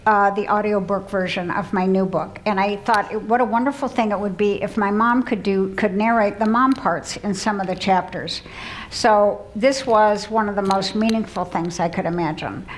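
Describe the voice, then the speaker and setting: Woman in her sixties, mid-pitched, humorous luncheon keynote, faint hiss. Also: poor audio. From Midland, Michigan, US. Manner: warm self-deprecating storytelling with laughs. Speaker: keynote speaker. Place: luncheon hall.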